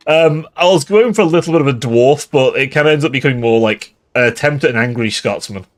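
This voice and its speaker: A man's voice: mid-range voice, fast talker. A tipsy man giving casual livestream commentary on a strategy game, swearing often and laughing between remarks. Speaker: game streamer.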